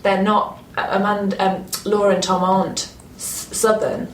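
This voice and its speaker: A Northern English woman, an actress being interviewed, who talks with animated enthusiasm and often restarts her sentences. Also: medium pitch, moderate pace. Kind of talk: casual interview chat. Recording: roomy, distant mic with faint noise.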